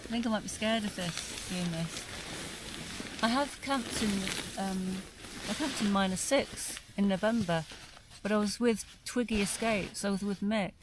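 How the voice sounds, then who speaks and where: A woman's voice: mid-range voice, a little slow, background noise. A woman vlogging from inside a small tent in winter, chatting aloud to the camera and musing as she goes. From South East London. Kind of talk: casual solo camping vlog.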